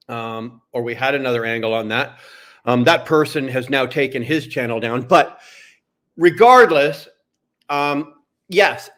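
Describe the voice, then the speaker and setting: Man, from Canada, high-pitched, heated, cursing, repetitive livestream rant. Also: a bit bright. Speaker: streamer.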